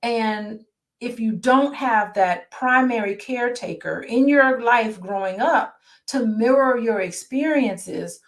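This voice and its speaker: Higher-voiced woman therapist, chatty. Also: slow. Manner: conversational, checks in with listeners. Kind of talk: reading a book aloud and commenting.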